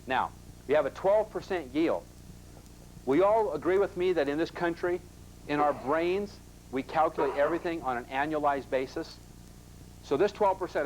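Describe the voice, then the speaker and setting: A man's voice: on the high side, a little mellow, slight background noise, rough recording. A man teaching a live investment seminar in a classroom, emphatic and constantly asking the audience rhetorical questions.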